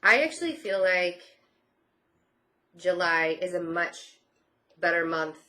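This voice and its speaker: A woman's voice: on the low side, bright, forceful tone. A woman giving a casual tarot reading, reassuring and repeating herself, often saying she feels things. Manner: reassuring, repeats phrases, many "I feel like" fillers. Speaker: tarot reader.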